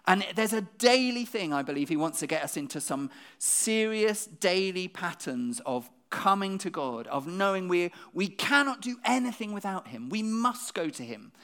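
A preacher delivers a conversational church sermon. They speak quickly, keep asking the congregation questions, and often repeat a word when restarting a thought. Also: mid-range voice, very animated, fairly bright tone.

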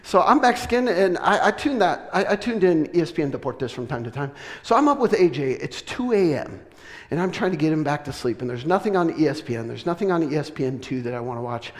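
A middle-aged man from the US West Coast preaching from a church platform. His voice sits high, and he tells a story with animated, self-mocking humor. A long reverb from the big sanctuary trails each phrase. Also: quick pace. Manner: animated, self-deprecating humor, frequent restarts. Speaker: pastor. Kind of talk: sermon with personal storytelling.

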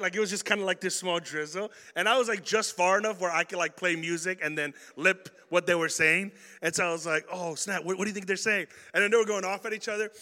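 A young man preaching an energetic youth sermon, telling stories in slang and swinging from loud bursts to hushed points. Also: high voice, big-room sound. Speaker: youth pastor.

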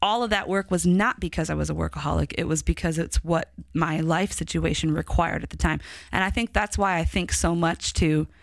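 Middle-aged woman, slight Chicago accent, low gravelly voice, candid and reflective podcast co-host. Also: a little fast, few pauses, dry recording. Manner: reflective, candid, trails off and restarts. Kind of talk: casual church podcast discussion.

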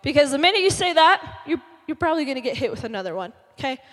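A young woman preaching to a youth crowd with a chatty, animated delivery, swinging between casual asides and emphatic punches. Her voice sits high, and a long reverb trails every line through the large church hall. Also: quick pace. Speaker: youth speaker. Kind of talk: sermon.

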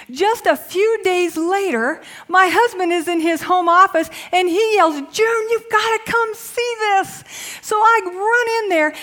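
A middle-aged woman preacher who opens with a soft, hushed prayer and then tells stories in a lively way. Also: very high voice. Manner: hushed, prayerful when praying, lively storytelling after. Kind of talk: sermon with prayer and storytelling.

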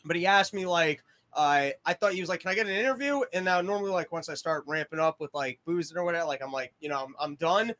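A man with a high, bright voice rambles through profane comic rants. He is hosting a casual podcast from a small shed studio. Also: fast, few pauses. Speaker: podcast host.

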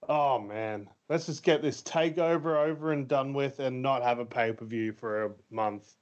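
A man's voice: mid-range voice, moderate pace, a little mellow. Rambling laid-back man, lo-fi podcast. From Australia. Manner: rambling, filler-heavy, laughs easily. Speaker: podcast co-host. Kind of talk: casual chat. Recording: slightly dull lo-fi audio.

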